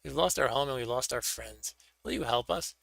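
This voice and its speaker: A man's voice: mid-range voice, expressive, a little fast, creaky, fairly bright tone, no room sound, heavily acted. A man voicing a lost male monkey who sniffles as he pleads for help in a gamebook reading. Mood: pleading.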